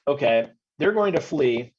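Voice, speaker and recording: Husky game master, hesitant, lo-fi sound. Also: male voice, mid-range voice, lively intonation, unhurried. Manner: hesitant, many ums while describing scenes. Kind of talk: narrating a tabletop game over video call. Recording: dull lo-fi audio.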